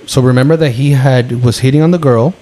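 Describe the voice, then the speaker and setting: A man co-hosting a podcast, debating a film in casual chat, animated and full of restarts. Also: medium pitch, brisk. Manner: animated, argues his point with frequent restarts. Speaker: podcast co-host.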